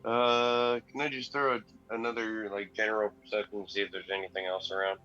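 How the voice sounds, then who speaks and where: A man's voice: fairly low pitch, flat delivery, a little fast, sharp tone, dull audio, faint music behind. A man playing a tabletop game, talking casually with plenty of fillers. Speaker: player.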